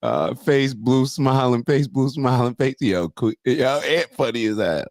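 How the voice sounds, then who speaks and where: A man's voice: mid-range voice, animated, unhurried, a little mellow, no room sound, clean studio sound. A man hosting a morning show, reacting to a clip and reading viewer comments in loose, slangy talk aimed straight at his viewers.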